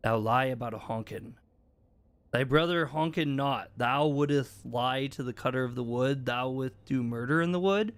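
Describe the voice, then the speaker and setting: A grim, menacing woodcutter with mock-archaic phrasing, read by a man in a smooth, resonant voice. The delivery is accusing and stern, as a game streamer puts him on. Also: medium pitch, moderate pace, no room sound, natural voice. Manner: faux-Olde English phrasing, accusing.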